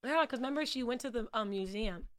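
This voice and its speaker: A woman chatting casually about a TV show, excitable and swearing freely, laughing often. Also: fairly high pitch, fast talker, dry recording, clean studio sound. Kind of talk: casual chat.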